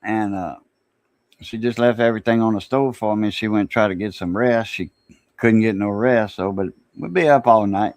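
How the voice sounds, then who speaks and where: A man's voice: on the low side, normal speed, darkish tone, dry recording. Easygoing Cajun man on a stream. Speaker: livestream host. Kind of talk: casual livestream chat.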